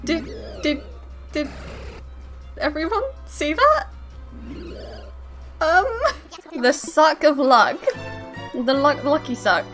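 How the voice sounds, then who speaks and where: A woman's voice: sits high, expressive, slow, pauses often, fairly bright tone, faint music behind. A woman streaming games live, chatting casually, giggling often and yelping when startled. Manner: giggly, rambling, easily startled.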